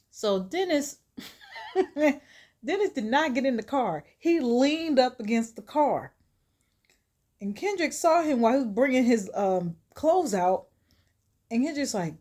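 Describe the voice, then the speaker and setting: A woman's voice: high voice, expressive, a little slow, pauses often, mellow. A woman telling a story in a casual, chatty way, with asides to her viewers and frequent laughter.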